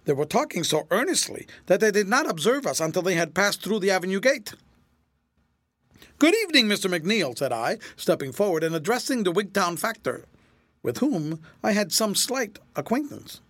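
Expressive male audiobook narrator. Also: sits high, moderate pace, no echo. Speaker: audiobook reader. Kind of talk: scripted narration.

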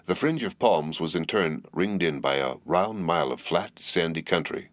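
A man reads a classic novel aloud in a measured, unhurried way. His voice is very deep, and the recording is dry and close, with no room sound. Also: animated, no echo. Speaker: audiobook narrator. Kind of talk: scripted narration.

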